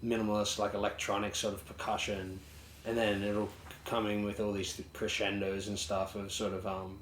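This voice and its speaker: Rambling man, low voice in a roomy space. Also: little pitch movement, moderate pace. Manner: rambling, many fillers and restarts. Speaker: podcast co-host. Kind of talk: casual music review chat. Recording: roomy sound with faint ambient noise.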